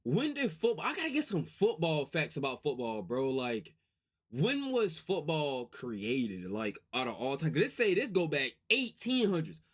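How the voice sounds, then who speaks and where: A young man from the United States hosting a casual reaction video, excitable and slangy, often cutting in with loud outbursts. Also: fairly high pitch, moderate pace. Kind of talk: casual live reaction chat.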